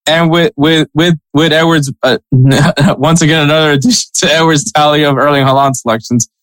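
A man's voice: a little high, fairly even intonation, moderate pace, a bit bright, no echo, low-quality recording. A man co-hosting a casual soccer podcast, chatting with frequent laughs and reading sponsor spots. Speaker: podcast co-host.

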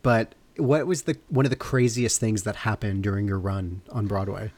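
A woman's voice: extremely low pitch, fairly even intonation, normal speed, darkish tone. A woman hosting a casual interview, enthusiastic and responsive.

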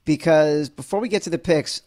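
Man, sports podcast co-host, teasing and upbeat, slightly high pitch. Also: fairly quick, darkish tone. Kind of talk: casual sports chat.

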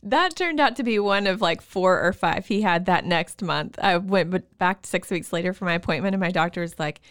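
A woman telling her birth stories on a podcast in a playful, expressive way. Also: on the low side, fairly quick, clean tone. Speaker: podcast guest, mother. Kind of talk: casual podcast chat.

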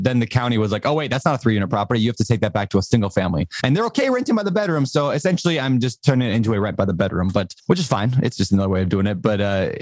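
A man hosts a podcast in a loose, jokey way, rambling and poking fun at himself. His voice sits at a middling pitch. The sound is close and dry. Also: no room sound. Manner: jokey, rambling, self-deprecating. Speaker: podcast host. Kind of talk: casual podcast chat.

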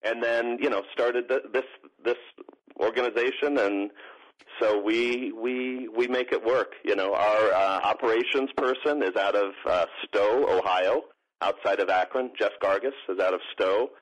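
A man's voice: on the low side, a little slow, rough recording. A man, co-founder of a sports organization, chatting casually as a radio interview guest, rambling with many restarts and fillers. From grew up partly in Morocco.

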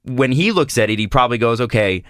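Male co-host, mid pitch, bright tone, hedging, restarts a lot, dry mic. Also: lively intonation, no room sound. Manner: hesitant, restarts, measured analysis. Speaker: podcast co-host. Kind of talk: casual sports chat.

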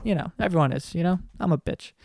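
This solo podcast comes from a man in his 20s in his basement bedroom, who rambles, swears offhandedly and makes jokes at his own expense. His slightly high voice moves quickly, with vocal fry and a darkish tone. Captured on a podcast microphone, it sounds clean and studio-grade, without echo.

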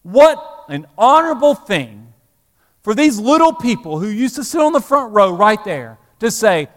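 A middle-aged man preaching a sermon as pastor, animated, rising to loud emphasis then dropping low. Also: a little slow. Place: church sanctuary. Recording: long hall reverb in church.

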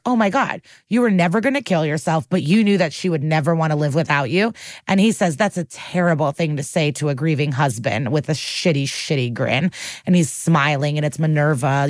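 A woman's voice: sits low, dry recording, studio quality. A woman co-hosting a podcast, recapping a TV episode in a chatty, profane way and acting out the characters' lines. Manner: chatty, profane, acts out quotes. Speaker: podcast co-host.

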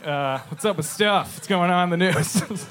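A man's voice: high-pitched, moderate pace, a bit bright, a little hiss or hum. A man doing stand-up crowd work on a club stage, teasing the audience in a wry, self-deprecating way. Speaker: stand-up comedian.

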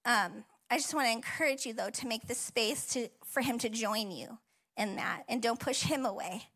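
A woman pastor sharing her own story from the pulpit in a bright, ringing voice that sits a little high. She speaks conversationally with fillers and little laughs, and is tender and close to tears. She gently encourages the listeners who are hurting. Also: moderate pace. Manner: emotional, tearful at times, warm and encouraging. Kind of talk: personal testimony sermon. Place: church auditorium.

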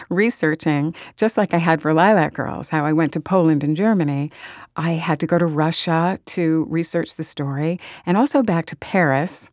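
A woman's voice: deep voice, darkish tone, dry recording, clean studio sound. A middle-aged woman, an author, talking earnestly and with enthusiasm as she answers interview questions. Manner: earnest and enthusiastic, emotional about audiobooks.

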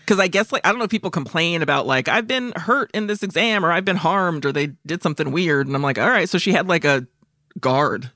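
A woman's voice: lowish voice, lively intonation, a little fast, fairly bright tone, dry recording, studio quality. A woman in her forties telling a story on a podcast with plenty of profanity, acting out the other people's lines. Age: 40s. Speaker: podcast co-host. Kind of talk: casual comedic storytelling.

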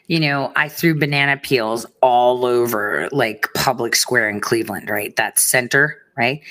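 Low-voiced, giggly woman. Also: a bit bright. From United States. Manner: rambling, teasing, giggly, many fillers. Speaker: political commentary host. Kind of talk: casual monologue to viewers.

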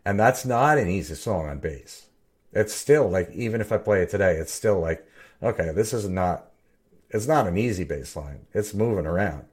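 A middle-aged man with a very low voice talks casually on a podcast. He tells rambling stories about playing bass and often restarts his sentences. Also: animated, moderate pace, darkish tone, slightly rough. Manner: rambling, self-interrupting storyteller. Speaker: podcast co-host and bassist. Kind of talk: casual chat.

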